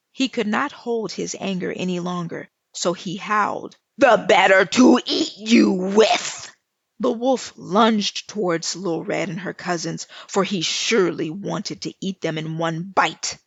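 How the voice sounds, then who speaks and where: A woman, the author, reading her storybook aloud in a slow, deliberate way. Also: medium pitch, creaky, no echo. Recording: dull lo-fi recording.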